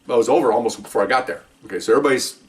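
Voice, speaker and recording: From a distance, a medium-pitched older man races through his words. The retired cop tells a rambling, animated story in a casual monologue, peppering it with "okay?" to check in.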